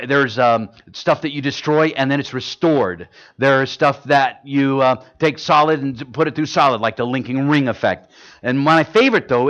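A man's voice: mid-range voice, a bit bright, lo-fi sound. Playful man doing a gospel magic show. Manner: playful, joking with volunteers. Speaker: gospel illusionist. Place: stage before a live audience.

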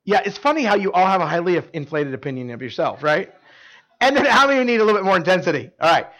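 At a church service, a male pastor preaches a casual, conversational sermon to a live congregation, frequently quizzing listeners and leaning on fillers like "like." His voice is high-pitched and a bit bright, moving fast with big pitch swings.

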